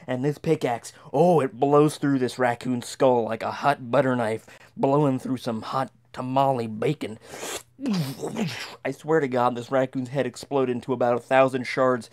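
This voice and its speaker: A man's voice: mid-range voice, steady tone, normal speed, a little mellow. A man telling a comic tall tale as a dramatic monologue, stammering and restarting often. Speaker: storyteller.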